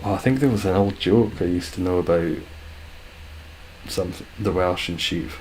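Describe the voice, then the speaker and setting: A man's voice: low-pitched, normal speed, darkish tone, slight background noise. A young Scottish man streaming, chatting casually with viewers in a dry, joking way, swearing freely. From Scotland.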